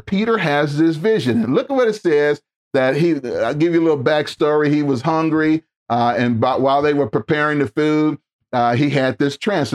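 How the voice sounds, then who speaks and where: A man preaching a sermon in a somewhat higher voice. He talks animatedly, repeats himself and restarts, and breaks into acted-out quotes. He keeps asking the congregation if they follow. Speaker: pastor.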